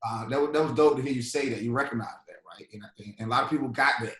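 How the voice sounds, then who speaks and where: A relaxed man co-hosts a casual interview, affirming his guest and filling his pauses with plenty of ums. His voice is at a middle pitch, and the room around him echoes noticeably. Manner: relaxed, affirming, many fillers. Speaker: co-host.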